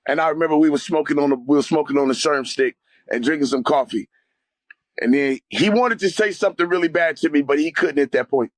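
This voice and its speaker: A man's voice: a little high, brisk, dry recording. Intense man telling a testimony. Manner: intense, emphatic, rising to near-shouting in dramatic moments. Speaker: interview guest sharing a testimony. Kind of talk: personal testimony storytelling.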